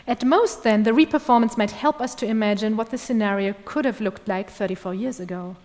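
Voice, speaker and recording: A woman lecturer presents an academic paper in a careful, precise cadence. Her voice sits somewhat high. The sound carries the long reverberation of a large lecture hall. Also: darkish tone. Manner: measured, precise academic delivery. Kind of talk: academic lecture read from a script.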